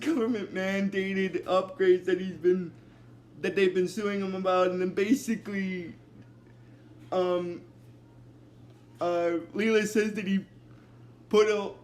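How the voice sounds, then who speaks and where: A man's voice: sits high, a little hiss or hum. A man casually recapping a cartoon episode, rambling with lots of "basically" and "and then," and often breaking into laughter.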